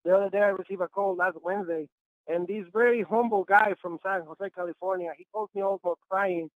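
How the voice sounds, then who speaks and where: A man's voice: sits high, fairly even intonation, a little fast, no room sound. A man giving an enthusiastic, repetitive sales testimonial as a guest on a phone-in conference call. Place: Los Angeles. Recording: tinny phone line.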